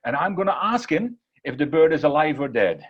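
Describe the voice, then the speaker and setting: Eager young boy, scheming, a bit lower than the teller. Man voicing him on a muffled live recording. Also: brisk, husky. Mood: excited, scheming. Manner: excited, plotting.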